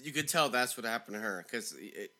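A man telling a school story in casual chat, animated and laughing, acting out the people in it. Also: mid-range voice, brisk. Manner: animated storyteller, laughs often, acts out quotes.

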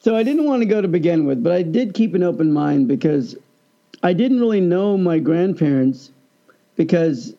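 A man casually telling a personal story in an animated way, acting out the people he quotes. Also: high-pitched, moderate pace, gravelly, lo-fi sound.

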